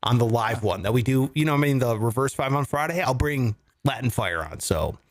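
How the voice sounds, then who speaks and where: A man's voice: medium pitch, lively intonation, a little fast. A man hosting a casual comedy podcast from home, joking and laughing through playful rants. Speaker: podcast host. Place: home studio.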